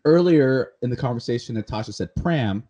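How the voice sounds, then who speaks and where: Husky, mellow Californian man. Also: mid-range voice, expressive, fairly quick. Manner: joking, rambling. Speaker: podcast host. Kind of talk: casual podcast chat.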